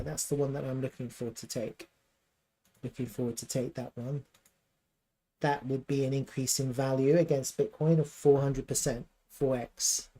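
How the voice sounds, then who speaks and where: A man's voice: mid-range voice, mellow. Casual man thinking aloud over charts. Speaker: crypto chart analyst. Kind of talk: live chart analysis.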